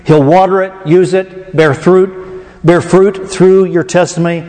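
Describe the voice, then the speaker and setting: Middle-aged Oklahoman preacher, slightly high voice, folksy storyteller, long hall reverb. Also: steady tone, a little slow, dark tone. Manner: folksy, conversational, jokes with the audience. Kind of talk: storytelling sermon.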